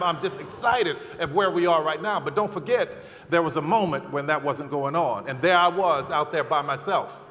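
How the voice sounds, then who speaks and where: Middle-aged man, raised pitch, preacher-like cadence, long hall reverb. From American South. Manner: preacherly, building to loud emphatic repetitions. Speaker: keynote speaker. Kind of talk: motivational convention speech. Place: large convention hall.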